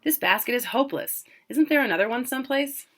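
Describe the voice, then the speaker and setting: A woman's voice: a little high, animated, fast, a bit bright, pitched above the performer's own voice. A woman voicing a proud, cocky young man, the older brother home from college.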